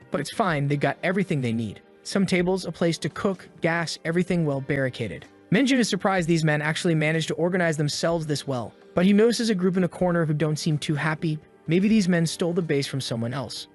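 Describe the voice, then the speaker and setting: A man narrating a comic story recap from a script, with sarcastic asides to the listener. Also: a little high.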